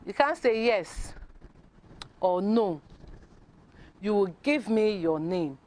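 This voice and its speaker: A woman teaching a grammar lesson, speaking deliberately and repeating example questions. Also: mid-range voice, lively intonation, darkish tone. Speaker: English teacher. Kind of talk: classroom lesson.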